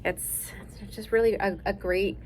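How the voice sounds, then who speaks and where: Woman co-host, mid-pitched, reflective and encouraging in casual podcast chat. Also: steady tone, measured pace, darkish tone, slight background noise.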